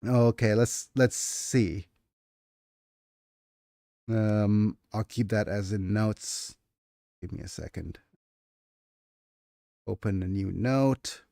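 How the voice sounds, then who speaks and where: A man's voice: fairly low pitch, extremely slow, vocal fry, pauses often, mellow, no room sound, studio quality. Hesitant man chatting on a livestream. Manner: hesitant, full of fillers and restarts. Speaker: livestreamer and writer. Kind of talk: casual livestream chat.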